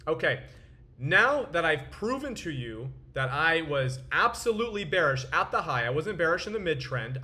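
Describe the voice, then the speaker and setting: A man's voice: a little high, bright, forceful tone. A young man hosting his own crypto trading channel, ranting to camera in profane, boastful market commentary with a frustrated edge. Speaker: crypto trader and video host.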